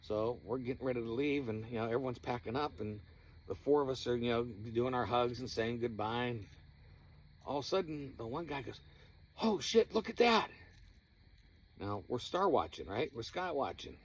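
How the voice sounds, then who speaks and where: A man casually recounting night-time encounters from his paranormal group, animated and laughing, his voice jumping high when he retells someone shouting. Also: a little fast, a little hiss or hum. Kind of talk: casual storytelling.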